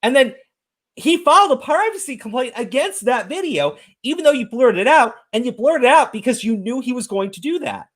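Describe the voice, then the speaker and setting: A man's voice: very high voice, lively intonation, a little fast, fairly bright tone. A man hosting a casual commentary show, ranting profanely and breaking into incredulous outbursts. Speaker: podcast host.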